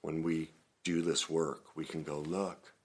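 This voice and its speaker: A man hosting a personal self-help talk, telling funny stories with laughs, then coaching in a calm, earnest way. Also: a little slow, husky. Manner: animated storytelling with laughs and big pitch jumps.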